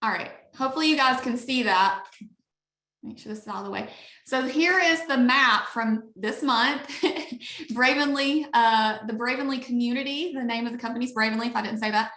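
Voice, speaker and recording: Bubbly Alabama woman pitching over a call. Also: moderate pace, bright, forceful tone, echoey room. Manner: upbeat, gushing, chatty. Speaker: network marketing leader. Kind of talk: enthusiastic sales pitch on a video call.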